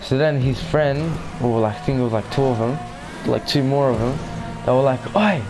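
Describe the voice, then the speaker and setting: A man's voice: medium pitch, steady tone, normal speed, music in the background, low-quality recording. A young man telling a rambling, casual storytime for his gaming channel, full of fillers and swearing.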